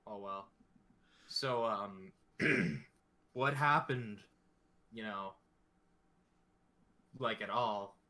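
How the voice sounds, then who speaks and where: A man's voice: fairly low pitch, very slow, pauses often, pushed and bright. A man playing in a tabletop game, casual and joking. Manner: playful, joking. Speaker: player.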